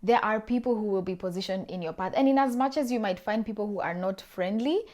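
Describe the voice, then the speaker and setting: A young woman in her twenties, raised in Kenya, speaks in a voice pitched at an ordinary level for a woman, and her accent mixes Kenyan and Australian sounds. She talks straight to her viewers in a chatty, encouraging way. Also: fast talker, a little mellow. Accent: Kenyan-Australian blend. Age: 20s. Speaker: vlogger. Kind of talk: casual advice vlog.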